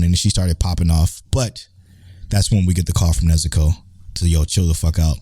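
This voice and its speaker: A man co-hosting a podcast in a casual anime chat, excitable and profane, acting out characters' lines. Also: low-pitched, normal speed, no echo. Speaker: podcast co-host.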